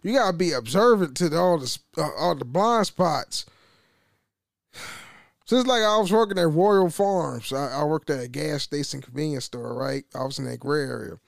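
Casting: young male podcaster, slightly high voice, loose profane rambling, dry close sound. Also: moderate pace, creaky, no echo. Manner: rambling, profane, laughs often, restarts. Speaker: podcast host. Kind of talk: casual solo podcast rant.

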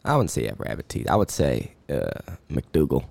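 A man co-hosting a comedy podcast, answering in a mock-earnest put-on cowboy drawl with a gravelly voice and deadpan replies. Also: rumbling low, normal speed, dry recording. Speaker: podcast co-host. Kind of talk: joking banter in a put-on cowboy voice.

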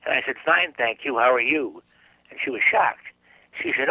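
A man's voice: medium pitch, normal speed, no room sound. An older man tells a rambling story on a radio show and slips into the voices of the people in it. His voice comes through a narrow, phone-like line with a dry sound. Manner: chatty anecdotal storyteller, acts out dialogue. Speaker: guest psychic.

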